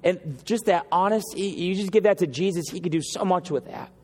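A male pastor with a high-pitched voice delivers an impassioned sermon in a church sanctuary. He stacks repeated phrases and slows right down to land each point. The long reverb of the hall rings behind every phrase. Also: a little mellow. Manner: impassioned preaching with repetition, slowing for emphasis.

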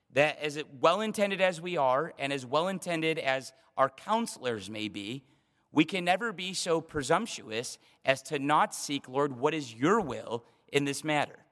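A man preaches with earnest intensity, doubling up words as he presses a point. His voice is fairly high and forcefully bright. A long reverb trails after him, as if he speaks in a large hall. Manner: earnest, repeats words when emphasizing. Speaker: pastor. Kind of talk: sermon.

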